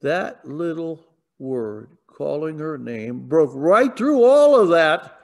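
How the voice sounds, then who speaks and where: A man preaching in a church, with a slow, unhurried delivery and a fairly high voice. He tells the story patiently, then lifts into emphatic declarations. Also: sing-song, creaky, darkish tone. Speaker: pastor. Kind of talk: sermon. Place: church sanctuary.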